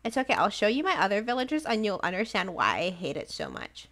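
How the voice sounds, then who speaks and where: A woman's voice: mid-range voice, huge pitch swings, quick pace, fairly bright tone. A woman streaming a game live, chatting casually and giggling often, with lots of "like" fillers. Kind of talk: casual livestream chat while playing a game.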